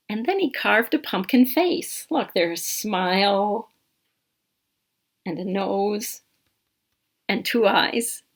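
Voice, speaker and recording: A woman with a mid-range voice and vocal fry reads a picture book to young children in an animated, interactive style. Along the way she asks questions, calls attention to details, and counts with the kids.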